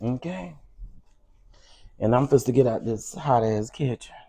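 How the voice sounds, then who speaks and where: Hosting a laid-back cooking stream from his home kitchen, a Southern American man chats away, addressing viewers as "baby" and "y'all". He speaks at a measured pace in a medium-pitched voice that's animated yet creaky, dark-toned and slightly rough.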